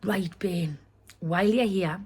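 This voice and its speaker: A woman's voice: on the low side, takes it slowly, a little mellow, slightly rough. A woman, quoting her father, a blunt, joking older man from north-east England.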